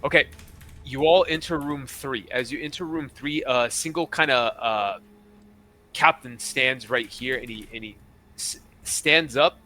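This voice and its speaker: A man's voice: mid-range voice, measured pace, sharp tone, slight background noise. A man narrating a tabletop game as game master, in a loose, rambling, stop-start way.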